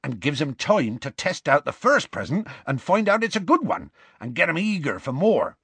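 A man voicing Hagrid, a big gruff half-giant who tells the story in rough, homely speech. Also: on the high side, sing-song, fairly bright tone, no echo, voice pushed up, heavily acted. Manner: rough colloquial grammar, slow homely storytelling.

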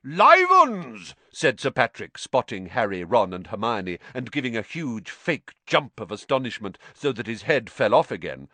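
Lively bright-voiced male storyteller. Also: fairly low pitch, moderate pace, few pauses, no echo. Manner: expressive, animated storytelling. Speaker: audiobook narrator. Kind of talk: storybook narration.

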